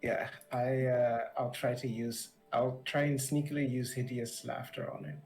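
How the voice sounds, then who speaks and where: Man, tabletop player, gravelly voice, unsure talk, faint music. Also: mid-range voice, little pitch movement, normal speed, darkish tone. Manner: tentative, unsure. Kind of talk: tabletop game chat.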